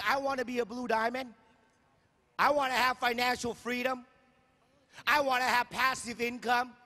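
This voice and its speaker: A man's voice: high-pitched, a bit bright. A man giving a motivational stage speech at a sales convention, emphatic and repetitive, firing rhetorical questions at the crowd. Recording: long hall reverb.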